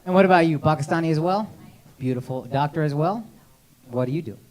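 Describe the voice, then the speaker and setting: A man's voice: fairly high pitch, a little fast. A man in his thirties doing crowd work on a comedy club stage, brash and profane, teasing audience members through a handheld mic. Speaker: stand-up comedian. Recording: live club set with loud crowd laughter. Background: audience laughter and clapping.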